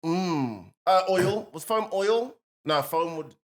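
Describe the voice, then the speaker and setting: A man's voice: high voice, takes it slowly. A man co-hosting a comedy podcast, chatting casually with teasing jokes and frequent laughter. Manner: animated, laughs often, teasing.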